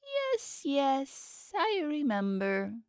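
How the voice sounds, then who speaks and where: A woman's voice: sits high, huge pitch swings, no room sound, studio quality, voice pushed up, heavily acted. A woman voicing a pompous, impatient male underworld god who tries to sound royal. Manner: haughty, drawn-out, trying to sound royal. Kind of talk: audiobook character voice.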